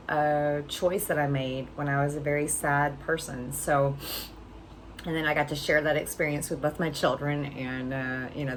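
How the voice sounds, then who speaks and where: A woman's voice: deep voice, slight background noise, poor audio. A middle-aged woman vlogger telling a personal story in a chatty way, often laughing and checking in with "right?".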